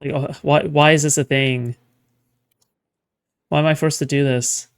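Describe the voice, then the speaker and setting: A man's voice: on the high side, fairly even intonation, unhurried. A man streaming a game live, ranting sarcastically and swearing as he plays. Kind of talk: live gameplay commentary.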